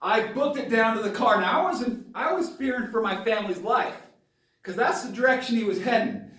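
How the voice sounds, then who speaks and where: A father tells a personal story to his camera in an animated, dramatic way, his very high-pitched, brisk voice breaking into sudden bursts of yelling. The camera mic is at a distance, so he sounds far off in a very echoey room.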